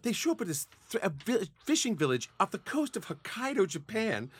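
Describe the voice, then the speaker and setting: A man's voice: high-pitched, a little fast, breathy edge. A man in casual conversation, arguing a point about a film and mimicking characters as he talks. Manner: animated, argumentative, mimics characters mid-sentence. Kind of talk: casual movie discussion.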